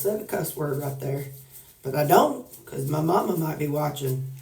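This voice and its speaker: A woman's voice: sits low, expressive, normal speed, gravelly, dark tone. Folksy Southern woman, roomy and distant. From Missouri. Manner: folksy, joking, rambling. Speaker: weight-loss vlogger. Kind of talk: casual chat to camera.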